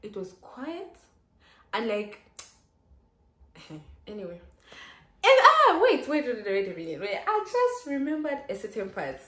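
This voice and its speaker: A woman's voice: on the high side, unhurried, pauses often. Young woman, story-time vlogger, chatty and exclaiming, roomy echo. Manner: chatty, lively, many "like" fillers and sudden exclamations. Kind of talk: casual storytelling.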